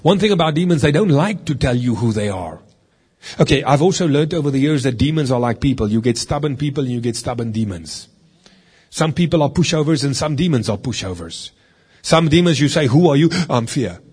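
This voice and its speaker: A man's voice: mid-range voice, lively intonation, a little fast, a little mellow, breathy edge. A middle-aged man, a deliverance minister, giving a teaching sermon in an earnest, conversational way and reading from scripture as he goes.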